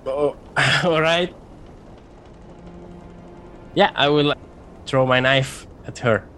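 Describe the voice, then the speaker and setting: A man's voice: medium pitch, drawn-out words, sharp tone, faint music behind. A man playing in a tabletop game, describing his moves in a hesitant way and often repeating words. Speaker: player.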